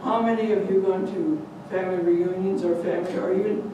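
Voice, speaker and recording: An older woman telling a folk tale aloud to an audience, animated and chatty, slipping in Spanish words. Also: fairly low pitch, fairly quick, lo-fi sound. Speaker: storyteller. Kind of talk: lively live storytelling. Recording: echoey hall, distant mic, noisy.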